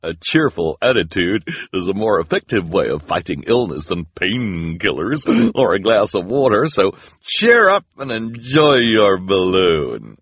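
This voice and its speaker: A grinning male volunteer who preaches cheer in a sugary, lecturing tone, as a man puts him on. The voice is slightly husky and sits close and dry. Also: low voice, very animated, unhurried, hardly any pauses, a bit bright, dry recording, full character voice. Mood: sugary preachy.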